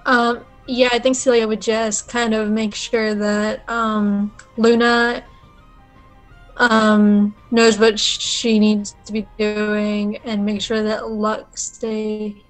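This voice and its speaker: A woman's voice: medium pitch, level tone, takes it slowly, faint music behind, low-quality recording. A woman playing a tabletop game, speaking hesitantly with many ums. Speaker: player.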